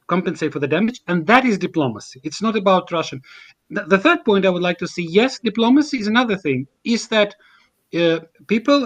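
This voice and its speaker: A man's voice: high-pitched, fairly bright tone. A man from Ukraine, speaking as a guest commentator in a panel discussion, earnest and emphatic, with frequent restarts.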